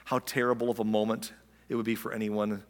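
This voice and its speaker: Conversational preacher in a reverberant hall. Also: male voice, fairly low pitch, level tone, a little fast. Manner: conversational, asks the listeners questions, acts out quotes. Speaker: pastor. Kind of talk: sermon.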